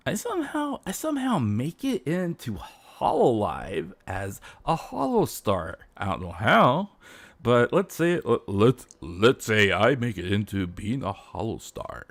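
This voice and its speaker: A male streamer talks in an unhurried, stammering way, often tripping over and repeating his words. His pitch swings widely up and down, giving the talk an animated, expressive lift. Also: creaky. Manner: drops to a whisper for acted bits. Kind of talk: live stream commentary.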